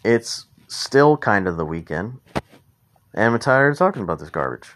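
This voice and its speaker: A man's voice: lowish voice, big pitch swings, moderate pace, fairly bright tone. A man ranting bluntly and heatedly into the camera, swearing freely. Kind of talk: unscripted angry rant. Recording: noisy recording with clicks.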